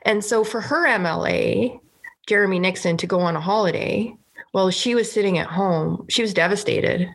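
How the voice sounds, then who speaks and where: A woman's voice: medium pitch, moderate pace, gravelly. A woman from Canada, a provincial legislator, talking earnestly and indignantly in a casual political podcast, with many "like" fillers.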